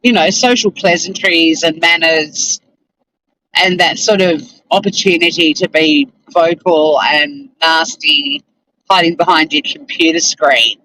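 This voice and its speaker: This streamer's voice sits low, and she speaks a little slowly with a sharp edge, though the audio quality is poor. Chatting casually on her livestream, she reads and answers viewer comments. Her rants are blunt and exasperated, packed with cursing and frequent laughter.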